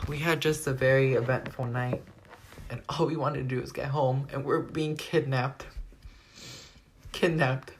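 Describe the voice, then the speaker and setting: A teenage young man telling a personal story to his vlog audience in a rambling, animated way, packing nearly every phrase with "like.". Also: mid-range voice. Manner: rambling, animated retelling full of "like". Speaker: vlogger. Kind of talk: storytime retelling.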